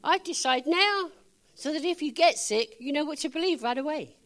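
Older lady preacher, high voice that jumps all over, laughing through funny stories. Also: moderate pace. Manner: animated, laughing often, acting out dialogue. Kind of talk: sermon with humorous personal stories.

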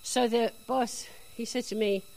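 A woman telling a personal faith testimony in a chatty, animated storytelling way. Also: fairly high pitch, unhurried, vocal fry, rough recording. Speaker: speaker giving a testimony.

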